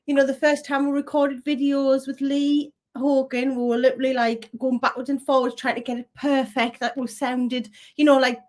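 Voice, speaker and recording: A woman's voice: sits high, level tone, moderate pace, hardly any pauses, a little mellow. A woman with a northeast English accent co-hosting a casual live chat in a reflective, coaching way. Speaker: co-host.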